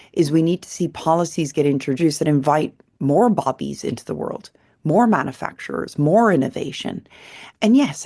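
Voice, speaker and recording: A woman's voice: deep voice, warm tone. An Irish woman in her thirties, a company founder answering interview questions as an earnest storyteller with many restarts. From Ireland.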